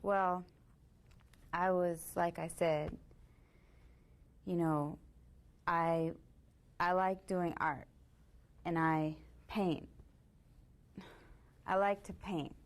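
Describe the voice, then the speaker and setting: Actress as a teenage girl, earnest, halting, low voice, slow. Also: steady tone. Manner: halting, earnest, full of fillers. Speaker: young offender in mediation. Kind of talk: role-played mediation.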